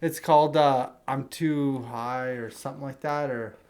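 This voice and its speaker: A young man co-hosting a casual podcast, animated and laughing often as he steers the chat. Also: mid-range voice, measured pace. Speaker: podcast co-host.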